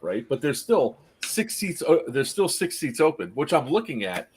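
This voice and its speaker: A man casually telling a long story on a podcast as its host, animated and often laughing. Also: medium pitch, normal speed, a little hiss or hum. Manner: animated anecdote teller, laughs through his story.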